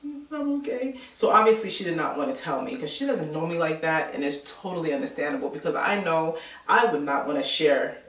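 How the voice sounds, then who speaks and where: A woman's voice: deep voice, fairly quick, a bit bright. New lady vlogging, casual rambly chat, kinda far from the mic. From New York. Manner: chatty storyteller, many filler words. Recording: roomy sound from a distant mic.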